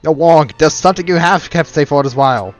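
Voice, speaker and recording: A man playing a calm, wise mentor knight. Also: fairly high pitch, fairly quick, close to an everyday voice. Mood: earnest. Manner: steady, earnest, consoling.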